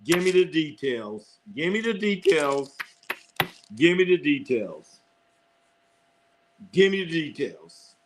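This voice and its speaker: A man's voice: a little high, very animated, takes it slowly, pauses often, a little hiss or hum. A middle-aged man hosting a live sports stream, rambling and cursing, repeating phrases and laughing often as he reads chat.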